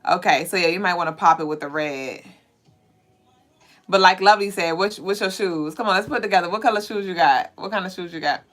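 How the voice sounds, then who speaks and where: A woman's voice: fairly low pitch, brisk, fairly bright tone. A woman from Savannah, Georgia with a Southern accent, hosting a livestream and chatting playfully with viewers as she reads their comments. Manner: chatty and playful, laughs often. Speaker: livestream host. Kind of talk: casual livestream chat reading viewer comments.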